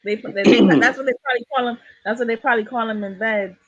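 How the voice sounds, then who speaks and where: A woman's voice: a little high, fairly even intonation, quick pace, a bit bright. A woman hosting a podcast, chatting casually and laughing often. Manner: laid-back, laughs often. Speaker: podcast host. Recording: dull, dry audio.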